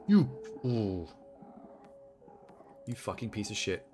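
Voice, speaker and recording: Live-streaming a video game, a man commentates excitably, swearing often and joking about the on-screen action. His voice sits on the low side, a little slow with frequent pauses, and faint music plays behind him.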